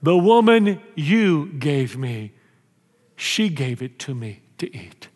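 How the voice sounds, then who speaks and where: A man's voice: high-pitched, very animated, very slow, breathy edge, long reverb tail, heavily acted. A man playing a whining first man who stammers out excuses and blames others. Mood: whiny.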